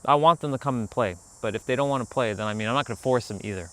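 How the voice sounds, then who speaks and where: A man hosting a casual outdoor livestream, talking in a rambling, animated way and calling out to people passing by. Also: mid-range voice, racing. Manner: rambling, animated, calls out to passersby. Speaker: livestream host. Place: outdoors near a park.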